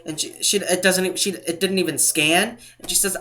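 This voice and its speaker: A man's voice: sits high, steady tone, brisk, bright, forceful tone. A man from New England telling a casual storytime vlog, rambling and stopping to correct himself. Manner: rambling, self-interrupting, mimics other people. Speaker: couponing vlogger.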